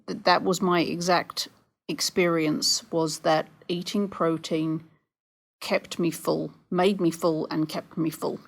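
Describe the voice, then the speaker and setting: A woman's voice: deep voice, flat delivery, slow pace, vocal fry. A woman with a Sussex English accent, co-hosting a podcast in a chatty way and checking her understanding. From southern England. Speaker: podcast co-host. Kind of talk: casual chat.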